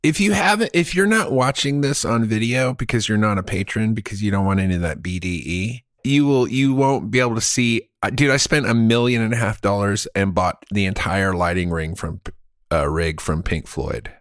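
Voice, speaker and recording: A man's voice: lowish voice, normal speed, no echo, studio quality. A man co-hosting a comedy podcast, riffing in goofy improvised banter and dropping into silly voices. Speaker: podcast co-host.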